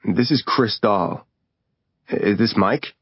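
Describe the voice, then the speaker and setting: A man's voice: fairly low pitch, takes it slowly, husky, no echo. A man voicing a laid-back male motorbike tour guide who speaks plainly on the phone. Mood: relaxed. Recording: dull lo-fi recording.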